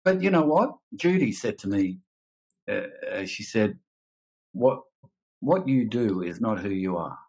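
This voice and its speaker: An older man with an Australian accent, a guest musician speaking in a halting, reflective way. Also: fairly low pitch, expressive, darkish tone, poor audio. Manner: halting, reflective, with many fillers and restarts. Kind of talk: candid conversation.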